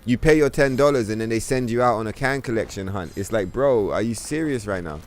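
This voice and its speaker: A man's voice: fairly low pitch, a little fast, slight background noise. A man streaming a game, ranting in a casual, profane, exasperated way and mocking others in put-on voices. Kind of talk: casual gaming stream rant.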